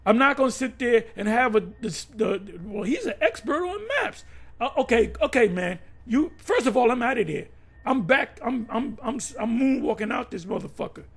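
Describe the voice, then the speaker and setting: A man with a notably high-pitched voice delivers a fiery, profane preaching rant. He is combative and emphatic, often restarting and repeating words as he pushes his point. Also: creaky, slightly rough. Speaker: religious teacher.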